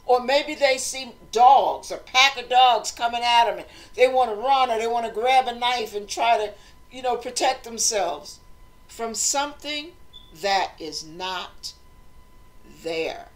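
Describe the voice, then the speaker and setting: Woman host, motivational talk, slightly high voice, animated delivery that acts out voices. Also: unhurried. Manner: animated, acts out quoted voices, conversational preaching.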